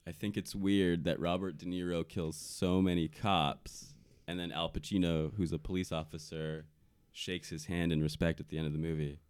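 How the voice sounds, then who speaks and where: A deadpan man guesting on a comedy podcast. His voice is very low and dark, and the close recording is dry. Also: moderate pace, hardly any pauses, clean tone, no room sound. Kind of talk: casual comedy chat.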